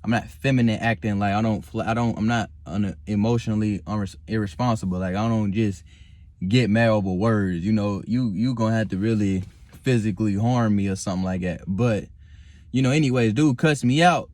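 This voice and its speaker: A young man vlogging to camera from his car at night, talking calmly and reflectively, rambling with many fillers and restarts and swearing freely. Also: lowish voice, fairly quick, no echo. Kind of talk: casual talk to camera.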